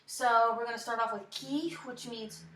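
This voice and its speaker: A woman's voice: fairly high pitch, steady tone, moderate pace, fairly bright tone, echoey room, a little hiss or hum. A woman teaching a language lesson to a class, explaining step by step with frequent fillers and checks like "right?". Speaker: French teacher.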